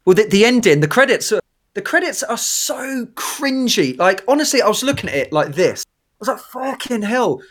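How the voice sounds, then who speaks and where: Casual co-host, man, lively swinging delivery, sweary, does quick impressions. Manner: lively, swearing, mimics voices with big pitch jumps. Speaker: co-host, former assistant language teacher in Japan. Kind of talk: casual podcast chat.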